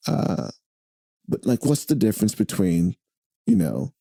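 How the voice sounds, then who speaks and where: A man's voice: lowish voice, sing-song, measured pace, vocal fry, dark tone, husky, dry recording, clean studio sound. A man in casual interview chat, talking in a rambling way with many fillers and restarts, recorded at the host's home. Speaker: podcast guest, drummer and radio host.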